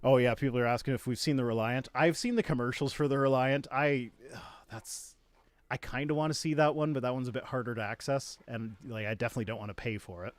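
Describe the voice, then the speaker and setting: A man hosting a casual podcast chat, telling stories in a sarcastic, animated way with lots of restarts. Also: medium pitch, fast talker, no echo. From Canada. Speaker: podcast host. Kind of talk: casual chat reacting to tweets.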